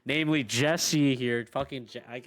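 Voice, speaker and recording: A man's voice: mid-range voice, a bit bright. A young man chatting casually about card games, rambling, swearing freely and laughing often. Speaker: team member on a gaming podcast. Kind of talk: casual chat.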